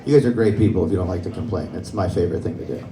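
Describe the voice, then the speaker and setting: A man's voice: low voice, rapid-fire, mellow, a faint crowd. Man doing stand-up in a roomy club. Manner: conversational storytelling, laughing at his own jokes. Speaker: stand-up comedian. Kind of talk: stand-up comedy set. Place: comedy club stage. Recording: roomy club sound, mic from a distance.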